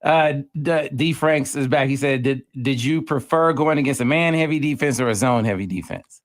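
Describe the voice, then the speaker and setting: A man's voice: mid-range voice, normal speed. A man hosting a sports radio show, plainly reading out viewer questions and keeping it brief.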